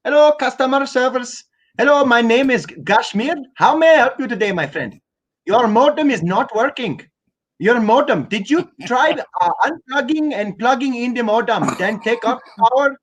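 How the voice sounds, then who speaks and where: A man's voice: very high voice, lively intonation, moderate pace. Man doing an indian tech-support agent. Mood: polite. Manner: repetitive, overly polite phone patter. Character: overly polite male tech-support agent.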